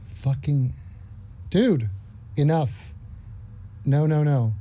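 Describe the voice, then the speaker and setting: A man's voice: medium pitch, unhurried, long pauses, dark tone. A man hosting a ranting reaction commentary, sarcastic and repeating his phrases again and again. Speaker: commentary host.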